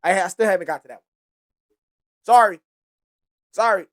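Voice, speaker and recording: A man's voice: sits high, normal speed, a bit bright. A man hosting a hip-hop podcast who talks casually and profanely, gives heated opinions and often trails off and restarts his sentences. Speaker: podcast host.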